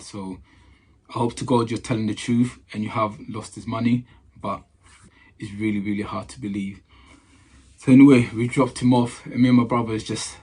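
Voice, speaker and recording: A man tells a story to camera in casual slang, circling back over his own phrases. His voice is low and husky. He speaks in a flat, even tone. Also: moderate pace. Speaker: footballer.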